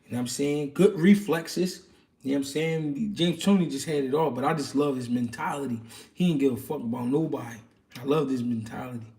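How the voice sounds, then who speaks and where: A man's voice: mid-range voice, brisk, mellow, recorded from a distance. A man hosting a livestream, answering viewer questions in casual, slangy boxing chat with loose street talk and many fillers.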